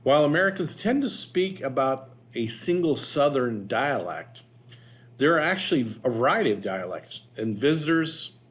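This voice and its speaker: A man hosting a video, reading notes aloud and adding loose asides with fillers. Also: mid-range voice. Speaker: host. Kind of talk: casual narration reading from notes.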